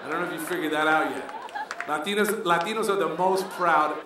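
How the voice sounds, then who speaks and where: A middle-aged man from Colombia performs a stand-up set in an animated style, weaving Spanish into English. His voice sits fairly high for a man. The recording is heavily echoey and distant, with a crowd audible throughout. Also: a little fast, noisy background. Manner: animated, switches between English and Spanish, acts out characters. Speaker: stand-up comedian. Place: comedy club stage with live audience.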